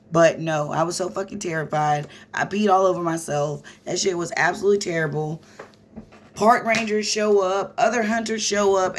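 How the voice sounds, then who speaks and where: A woman telling a childhood story to her viewers in a casual vlog, animated and profane, calling them "y'all". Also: on the low side, slight background noise.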